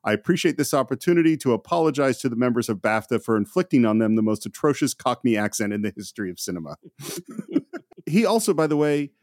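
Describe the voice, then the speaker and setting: A man's voice: mid-range voice, lively intonation, fast talker, few pauses, a little mellow, no room sound, clean studio sound. A man hosting a casual film podcast, chuckling often as he shares trivia eagerly. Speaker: podcast host.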